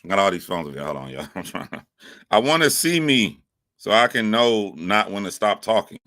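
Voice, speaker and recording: A man with a very low, bright and forceful voice chats on a livestream from his phone at home. He rambles, restarts his sentences and talks straight to viewers. The sound is dry and close. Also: expressive, brisk, no echo. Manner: rambling, self-correcting, chatty. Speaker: YouTube livestream host. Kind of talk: casual livestream monologue.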